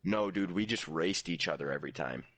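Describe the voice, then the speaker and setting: A young man with a deep, low voice tells rambling, profane stories in casual podcast chat. The sound is dry and close, with no room around it. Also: a little fast, fairly bright tone, no room sound. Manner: loose, profane storytelling. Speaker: podcast co-host.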